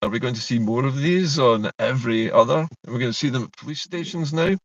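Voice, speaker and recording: A Scottish man co-hosting a political discussion, talking in an animated, indignant way. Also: medium pitch, quick pace, a little hiss or hum. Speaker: co-host. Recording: dull distant dry mic.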